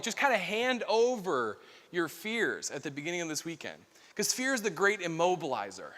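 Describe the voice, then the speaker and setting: A man's voice: sits high, pushed and bright. A man in his thirties giving an earnest, conversational conference keynote, full of casual fillers, on a stage microphone. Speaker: keynote speaker. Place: large hall. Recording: long hall reverb.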